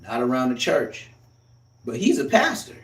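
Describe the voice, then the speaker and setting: A man doing a loud, profane, heated comic rant as a live streamer, recorded in an echoey room. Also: medium pitch, wildly swooping pitch, moderate pace, recorded from a distance.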